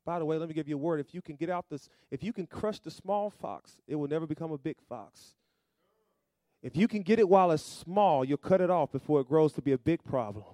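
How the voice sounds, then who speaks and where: High-voiced preacher with emphatic bursts. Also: male voice, animated, a little fast, no room sound, studio quality. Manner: call-and-response preaching, rising to loud emphatic bursts. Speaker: pastor. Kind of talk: sermon.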